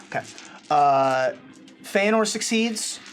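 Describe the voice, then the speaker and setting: A man running a tabletop role-playing game as dungeon master, talking in a relaxed, halting way with many fillers. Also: sits high, faint music behind.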